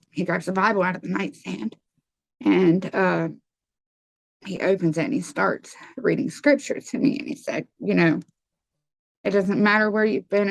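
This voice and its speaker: A woman telling a personal testimony in a casual, halting way, with many fillers and restarts. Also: medium pitch, vocal fry, dry recording. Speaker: testimony guest.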